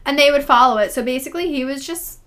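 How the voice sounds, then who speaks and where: A woman's voice: sits high, fast talker, fairly bright tone. A young woman co-hosting a casual history podcast, chatty, laughing often and reading quotes aloud. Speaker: podcast co-host.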